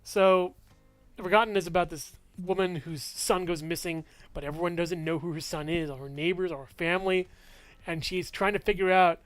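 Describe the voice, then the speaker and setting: A man's voice: high-pitched, fairly even intonation, moderate pace, fairly bright tone, no echo. A man casually reviewing movies in a vlog, rambling, full of fillers and restarts, chuckling often.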